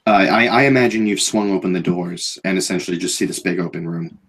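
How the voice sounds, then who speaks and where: A man narrating a tabletop role-playing game in an unhurried, halting way, full of little fillers. His voice sits low and has a husky grain. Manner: relaxed, hesitant, many fillers. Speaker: game master.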